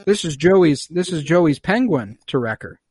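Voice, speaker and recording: A young man hosting a casual podcast, recapping a show episode in an animated, joking way. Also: a little high, unhurried, breathy edge. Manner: animated storytelling recap with swearing and jokes. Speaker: podcast host.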